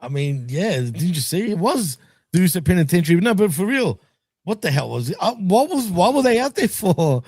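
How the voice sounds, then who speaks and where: Easygoing Australian man, slightly high voice. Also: very animated, moderate pace, a little mellow, slightly rough, dry recording, clean studio sound. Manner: laid-back, laughs easily, hedging fillers. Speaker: co-host. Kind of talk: casual wrestling review chat.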